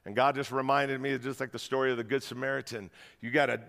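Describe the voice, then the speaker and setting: A man preaching a sermon to a church crowd, telling stories in an animated way and rousing the audience, in a large auditorium. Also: mid-range voice, fast talker, vocal fry, long reverb tail. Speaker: guest pastor.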